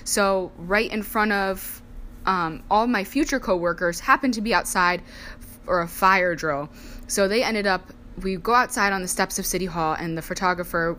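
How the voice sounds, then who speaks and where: A young woman with a slightly low voice tells personal stories in a loose, chatty way. She fills her talk with "like" and slips into lively voices for her family. A faint hiss sits under the recording. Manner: chatty, heavy use of "like", acts out family voices. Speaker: storyteller sharing personal life. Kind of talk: casual personal storytelling.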